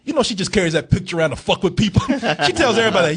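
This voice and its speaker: A man's voice: sits high, lively intonation, very fast, hardly any pauses, a bit bright, breathy edge. A man hosting a movie review podcast in casual, profane chat, laughing a lot and acting out quotes. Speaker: film review podcast host.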